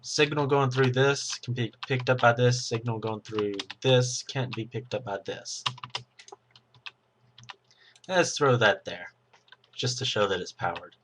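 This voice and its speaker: Brief: male tutorial narrator, patient and explanatory, bright voice, faint keyboard clicks behind. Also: mid-range voice, unhurried, long pauses, a little hiss or hum. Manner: patient, explanatory, self-correcting. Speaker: tutorial host. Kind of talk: screen-recorded game tutorial narration.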